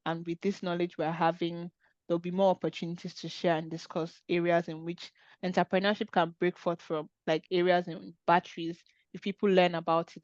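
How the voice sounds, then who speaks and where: A woman's voice: lowish voice, a little mellow, no room sound, lo-fi sound. A woman hosting an online webinar discussion, talking in an earnest, conversational way over a video call. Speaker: webinar host.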